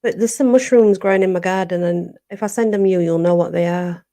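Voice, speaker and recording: This woman, a Barnsley native with a Yorkshire accent, hosts a relaxed livestream and answers viewers' comments. Her voice is on the low side and brisk, and she says "you know" again and again.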